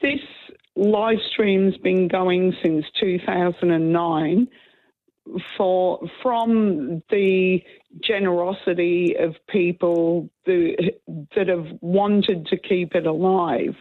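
A woman calling into a talkback radio show, hoarse from a cold, talking earnestly and rambling with restarts. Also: lowish voice, fairly even intonation, takes it slowly. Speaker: caller. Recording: tinny phone line.

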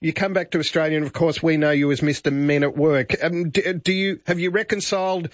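A man's voice: on the high side, steady tone, a little fast, no echo, muffled recording. A man hosting a radio interview, upbeat and effusive with his guest. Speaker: radio host.

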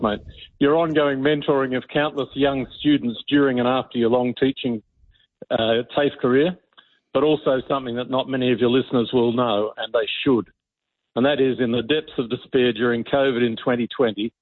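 A man's voice: medium pitch, no echo. Man, phone caller, enthusiastic, prepared speech, tinny dry phone line. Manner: enthusiastic, reads a long list of praise. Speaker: garden industry representative, phone guest. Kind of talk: prepared tribute on a call-in line. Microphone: telephone.

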